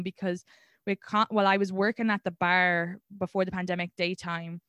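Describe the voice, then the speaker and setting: A young adult woman with an Irish accent, a guest and comedian, talking candidly in a casual conversation with animated storytelling. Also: mid-range voice, brisk, smooth, no room sound, clean studio sound. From Ireland.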